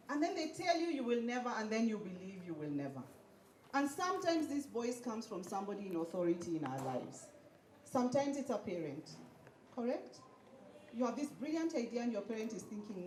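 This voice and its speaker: A woman's voice: a little high, sing-song, fairly quick, darkish tone, slight background noise. Lady fired up, motivational talk, gets the crowd chanting back, lots of bounce in her voice, roomy hall sound. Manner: emphatic, leads call-and-response chants with the audience. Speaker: speaker at a graduation ceremony. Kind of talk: motivational speech. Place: event hall with an audience. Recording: echoey hall.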